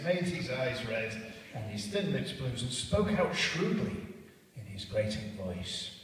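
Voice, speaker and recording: A man narrating a story live with a jazz band, with relaxed, chatty asides. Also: medium pitch, distant mic. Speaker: narrator and musician. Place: church, live performance. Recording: echoey church from afar.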